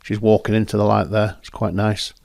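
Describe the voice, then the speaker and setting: Man, photographer host, casual commentary, rambling, low-pitched, dry recording. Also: level tone, brisk, creaky, a little mellow, dry recording. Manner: rambling, self-correcting, chatty.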